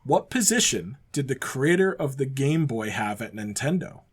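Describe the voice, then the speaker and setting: A man's voice: medium pitch, big pitch swings, moderate pace, slightly rough. A man from Canada co-hosting a podcast, reading out trivia questions in an easygoing way. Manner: easygoing, reads multiple-choice options. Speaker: podcast co-host, quizmaster.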